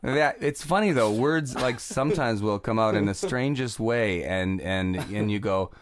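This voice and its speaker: A man's voice: fairly low pitch, unhurried, crowd noise. A man chatting as a guest on a podcast, jokey and rambling, chuckling through his answers. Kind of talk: casual podcast chat.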